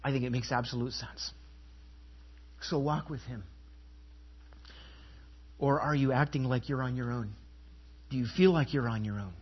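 A pastor delivering an emphatic sermon, asking the congregation rhetorical questions and inviting them to respond. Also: male voice, medium pitch, moderate pace, long pauses, husky, dull audio.

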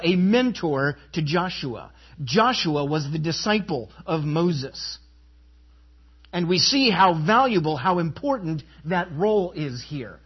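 Husky-voiced man preaching emphatically. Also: high-pitched, muffled recording. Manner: emphatic preaching, rhetorical questions to congregation. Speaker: pastor. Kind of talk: sermon.

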